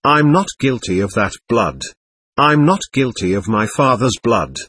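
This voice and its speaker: A man's voice: medium pitch, sing-song, unhurried, a bit bright, slight background noise. A man voicing a desperate young man accused of murdering his father, crying out in anguish. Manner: anguished pleading outbursts.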